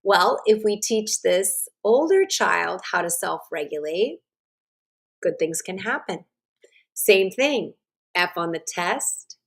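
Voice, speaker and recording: A woman teaching self-regulation and guiding a slow breathing exercise, with a gentle, instructive manner. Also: medium pitch, expressive, vocal fry. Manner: gentle, instructive, checks in with "right?". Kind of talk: guided breathing lesson. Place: online summit stream.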